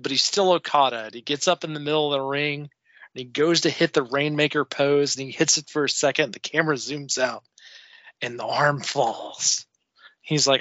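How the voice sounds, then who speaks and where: An excitable man co-hosting a podcast, swearing freely and laughing as he gushes. His voice is bright and forceful. The sound is dull and dry, close on the mic. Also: a little high, moderate pace, no room sound. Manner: excitable, profane, laughing often. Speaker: podcast co-host. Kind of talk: casual wrestling review chat.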